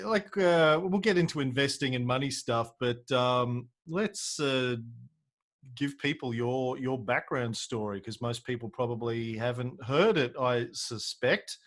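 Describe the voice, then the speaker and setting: A man with an Australian accent hosting a podcast interview in a relaxed, jokey way, swearing casually. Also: mid-range voice, takes it slowly. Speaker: podcast host.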